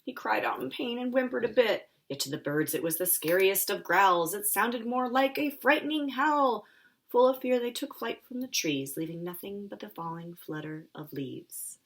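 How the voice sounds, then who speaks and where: A woman's voice: mid-range voice, lively intonation, normal speed, gravelly, poor audio. A woman, the book's author, reading her rhyming children's picture book aloud with playful asides. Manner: sing-song rhyming storytelling, playful asides.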